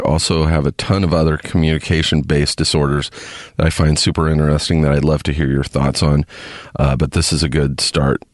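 A man's voice: rumbling low, dry recording, clean studio sound. A man hosting a podcast, reading a listener email aloud and rambling chattily with lots of self-corrections. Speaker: podcast host. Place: parked car.

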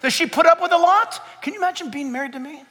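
A man preaching a lively sermon in a church, acting out the voices of his listeners. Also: very high voice, fast talker. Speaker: pastor. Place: church sanctuary before a congregation. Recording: long church hall reverb.

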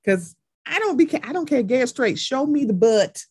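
Woman podcast host, lively storyteller, dry close mic. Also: moderate pace, husky, dry recording. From Maryland. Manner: animated storytelling, acts out quotes with big pitch jumps. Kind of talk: casual podcast chat.

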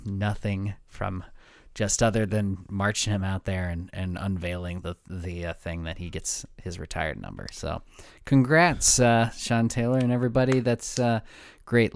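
A man's voice: low-pitched, moderate pace, gravelly, hardly any pauses, dry recording. A man co-hosting a sports podcast in casual chat, easygoing and moving the talk from game to game. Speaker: podcast co-host.

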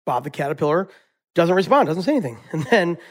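A man's voice: fairly high pitch, sing-song, fast talker. A man, a chef, answering interview questions casually with frequent fillers and laughs. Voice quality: laughs often, rambling with repeated fillers. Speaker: chef guest.

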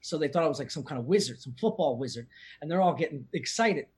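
A man's voice: fairly high pitch, animated, quick pace, a little mellow, slightly rough. A man from the Philadelphia area with a Philly accent, telling profane stories in casual podcast chat. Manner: profane, storytelling, laughs often.

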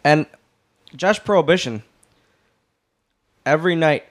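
A man guesting on a podcast, telling a backstage story in a lively way and swearing freely. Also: a little high, slow.

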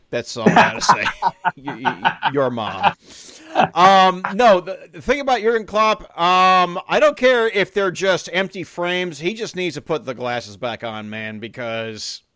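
A man's voice: on the high side, expressive, a little slow, sharp tone, no room sound. A man co-hosting a football podcast in casual chat, who restarts his sentences a lot, laughs often and teases his co-host. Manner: stammering restarts, laughs often, playful banter.

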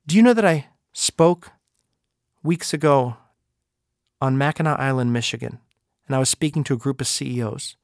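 A man's voice: medium pitch, normal speed, long pauses, no room sound, clean studio sound. A man hosting a podcast, giving an emphatic motivational talk full of rhetorical questions. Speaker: podcast host and speaker.

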